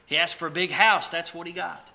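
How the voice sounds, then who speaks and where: A man's voice: fairly high pitch, steady tone, fairly quick, creaky, sharp tone, a little hiss or hum. A man preaching a sermon in a conversational way, telling stories with small restarts and asides.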